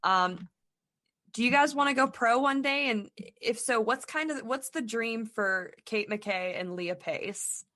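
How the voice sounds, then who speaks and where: A woman's voice: a little high, lively intonation, unhurried, sharp tone. A woman hosting a sports podcast, asking rambling questions in a chatty, casual way. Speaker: podcast host and sports reporter.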